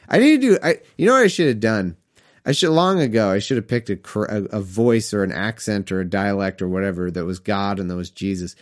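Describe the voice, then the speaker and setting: Man reading scripture with wry asides. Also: on the low side. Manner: slow, drawn-out reading broken by wry, self-mocking riffs. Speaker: comedic scripture reader.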